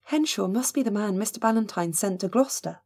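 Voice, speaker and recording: A woman's voice: medium pitch, animated, fast, darkish tone, husky, pitched above the performer's own voice. A woman reading an audiobook, voicing an eager, forthright young woman. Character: young woman Gussie, impetuous and determined.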